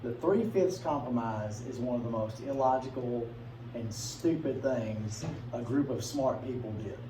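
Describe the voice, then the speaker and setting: A man teaching a class in a casual, conversational way, asking his students questions and briefly acting out voices. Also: medium pitch. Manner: conversational, asks the class questions, acts out quick bits in funny voices. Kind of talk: classroom lecture. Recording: echoey classroom from a distance, faint room noise.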